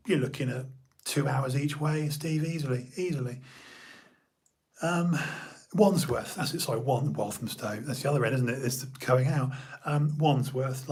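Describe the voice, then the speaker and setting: A man's voice: medium pitch, a little mellow, breathy edge. A middle-aged man from Bournemouth, telling old stories in a rambling casual chat full of fillers and restarts. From Bournemouth, England.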